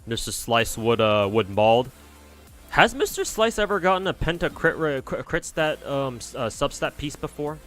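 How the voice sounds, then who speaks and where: Man, game streamer, casual commentary, cursing, lively pitch, faint background music. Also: normal speed. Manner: swears freely, muttering to himself.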